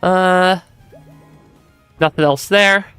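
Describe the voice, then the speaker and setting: A man's voice: high-pitched, steady tone, drawn-out words, bright, forceful tone, clear, resonant tone, no echo, faint music behind. A man streaming a game with a stuffy nose, chatting casually, laughing often and restarting his sentences. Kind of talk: casual gameplay commentary.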